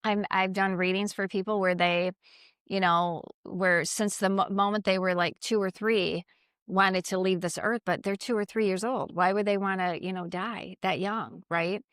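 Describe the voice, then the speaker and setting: A woman who works as a psychic medium, chatting earnestly and gently coaxing unseen spirits during a walk outdoors in a cemetery. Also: mid-range voice, steady tone, normal speed, smooth, no room sound, studio quality. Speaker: psychic medium and energy healer. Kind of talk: casual talk during a graveyard walk.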